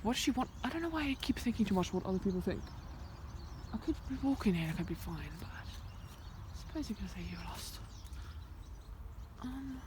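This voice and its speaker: A young woman chatting nervously to the camera while walking on a rural hill, often dropping to a whisper. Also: lowish voice. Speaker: vlogger. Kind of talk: casual walking vlog. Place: outdoors on a rural hillside. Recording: noisy outdoor recording.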